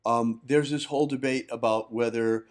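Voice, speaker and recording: A man's voice: mid-range voice, steady tone, moderate pace. A man hosting a livestream and giving firm, instructive teaching on ritual practice. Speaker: host, magick teacher.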